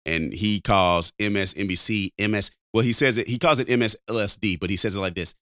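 Man, low voice, smooth and resonant, dry close sound, casual rambling podcast chat, stumbles and laughs. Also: fairly quick, a bit bright, dry recording. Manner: rambling, laughs often, repeats words. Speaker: podcast co-host.

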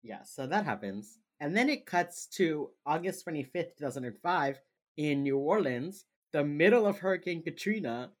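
A woman's voice: sits low, animated, moderate pace. A woman co-hosting a podcast, recapping a show in a wry, casual way. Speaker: podcast co-host. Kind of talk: casual chat.

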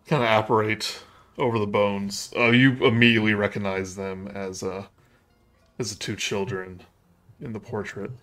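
A man narrating a horror tabletop game as game master, with descriptive, unhurried narration. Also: on the low side, level tone, fairly bright tone.

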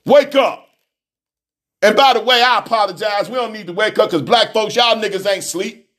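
A man ranting on his radio show with a high-pitched voice. He delivers it with preacherly intensity, repeating lines and breaking into shouts. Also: fast talker. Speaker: radio host. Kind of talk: fiery radio monologue.

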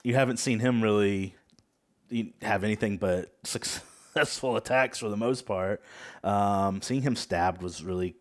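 A man hosting a casual podcast chat, talking in a relaxed, hesitant way with many fillers and frequent laughs. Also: fairly low pitch, measured pace. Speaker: podcast host.

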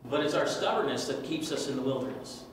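A man's voice: medium pitch, fast talker. A man leading a church Bible class, emphatic and preacherly, asking the class questions. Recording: echoey room from far off, faint noise.

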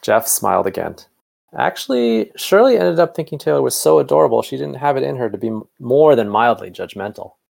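A man narrating a fan fiction story aloud in an unhurried, plain way. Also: medium pitch, big pitch swings, creaky, darkish tone, no room sound. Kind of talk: amateur story reading.

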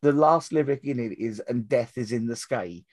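Animated man chatting about films. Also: medium pitch, normal speed, no room sound, studio quality. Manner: animated, swears casually, laughs while talking. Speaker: podcast co-host. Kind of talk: casual film discussion.

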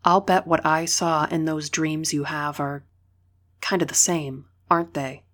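A woman's voice: deep voice, fairly even intonation, a little slow, fairly bright tone. A woman reading a young woman's earnest, tender friend voice. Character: young woman, heroine's loyal best friend.

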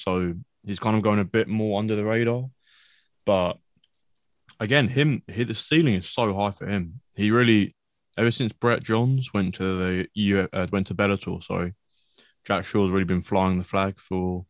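A man's voice: low-pitched, dry recording. A man co-hosting a podcast, chatting enthusiastically about fighters and saying "mate" a lot. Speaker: podcast co-host. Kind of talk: casual MMA fight recap.

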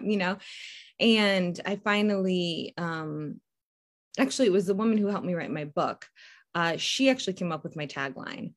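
A woman who hosts a faith-based podcast and works as a faith coach talks solo in a casual, rambling style, with frequent restarts and little laughs. Her medium-pitched voice is expressive and fairly quick.

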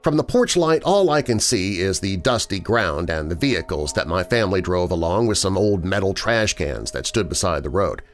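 A man hosting a podcast, reading a scripted horror story in a dramatic, expressive manner. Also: deep voice, normal speed, few pauses. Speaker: podcast host and narrator. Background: faint background music.

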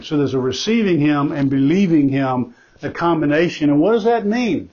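A man's voice: on the high side, expressive, fairly quick, a little mellow. A man preaching a sermon as pastor, earnest and emphatic, repeating key phrases for weight. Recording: dull lo-fi recording.

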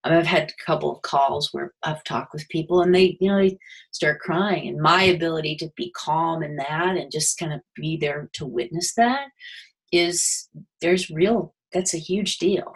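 A woman's voice: low voice, normal speed, slightly rough, rough recording. A woman hosting a casual conversation, talking thoughtfully and affirming her guest. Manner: thoughtful, affirming, many fillers.

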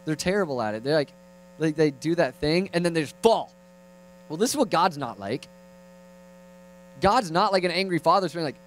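A young man preaching a lively, conversational sermon that swings from loud to hushed, with playful asides. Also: a little high, moderate pace, pauses often, slight background noise, rough recording.

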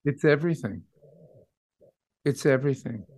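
A man, a vocal coach, chatting as a guest over a video call, enthusiastic and animated. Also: mid-range voice, normal speed, rough recording. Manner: enthusiastic, animated, bursts into playful line readings. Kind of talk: casual interview chat.

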